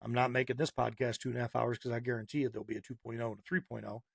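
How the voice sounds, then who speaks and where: Male podcast host, gravelly voice, mid pitch, punchy sarcastic monologue. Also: little pitch movement, racing, no echo. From Massachusetts. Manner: heated, sarcastic, punchy repetition.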